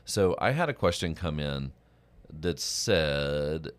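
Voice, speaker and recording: Male morning host, very deep voice, easygoing rambling storyteller. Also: expressive, slow pace, clear, resonant tone. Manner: rambling storyteller with restarts and laughs. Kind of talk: casual chat.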